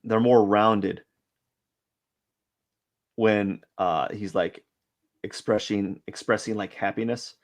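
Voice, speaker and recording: A man's voice: on the low side, steady tone, slow, pauses often. A man hosting a drawing live stream who thinks aloud as he sketches. He rambles, questions himself and plays down his own work. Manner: rambling, hesitant, self-questioning; self-deprecating about his work. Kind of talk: casual thinking-aloud commentary while sketching.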